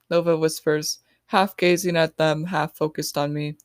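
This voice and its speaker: A woman's voice: deep voice, flat delivery, moderate pace, few pauses, dry recording, clean studio sound. A woman author reading her own novel in the first person on her podcast.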